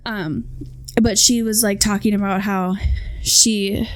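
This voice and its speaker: Young woman, podcast host, casual rambling chat, medium pitch, dry close sound. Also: fairly even intonation, takes it slowly, no echo. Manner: rambling, many fillers.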